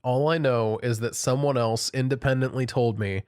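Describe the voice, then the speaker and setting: A male podcast co-host shares easygoing anecdotes in casual chat, his mid-range voice fairly even, slightly mellow, clear and resonant at a moderate pace. The recording is dry with clean studio sound.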